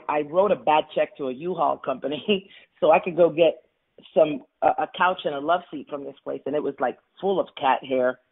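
A woman's voice: deep voice, slightly rough. A woman guest on a radio interview, telling her personal story candidly and emphatically, with tumbling restarts, over a phone line. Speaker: guest, money coach.

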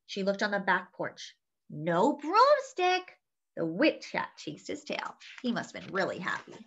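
Lively woman reading a children's story. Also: on the high side. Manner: lively, asks young listeners questions. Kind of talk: read-aloud storytelling for children. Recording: dull lo-fi sound.

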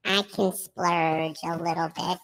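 A man's voice: a little high, level tone, slow, gravelly, a bit bright, voice pushed up, full character voice. A man talking through a voice filter as a brash, slangy streetwise eater, hyping up his food during a mukbang stream. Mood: bantering. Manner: swaggering, slangy hype talk while eating.

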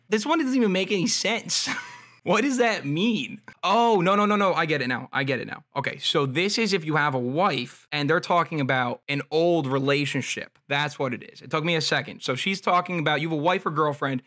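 A man's voice: a little high, a little fast, fairly bright tone. A man streaming live, reading a book aloud and reacting casually with wry, mocking asides, frequent laughs and casual swearing. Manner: reads text aloud then comments with frequent "like" and "I mean".

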